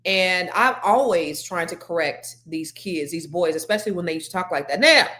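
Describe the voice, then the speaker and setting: Frank, animated woman hosting a talk show. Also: fairly low pitch, moderate pace. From California. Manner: frank, animated, with many restarts. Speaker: podcast host. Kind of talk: casual panel discussion.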